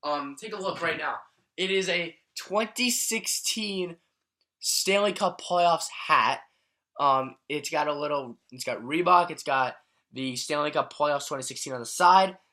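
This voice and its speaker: A young man casually recapping his week as a sports fan, rambling and getting excited, recorded on a camera mic at a distance. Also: measured pace. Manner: excitable, rambling, jumps up in pitch when thrilled. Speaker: vlogger. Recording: echoey room, voice a bit off-mic.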